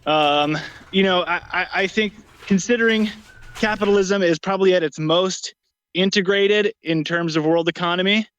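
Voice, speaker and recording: His voice sits high with a fairly bright, clean tone, and he talks at a moderate pace. He's a guest in a casual political debate, a little breathless and full of ums and restarts, heard through a dull lo-fi recording.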